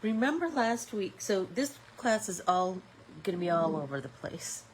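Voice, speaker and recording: A woman's voice: mid-range voice, big pitch swings, moderate pace, slight background noise, low-quality recording. A woman with a stuffy nose hosting a live-stream art class, chatting casually and thinking aloud with fillers as she paints.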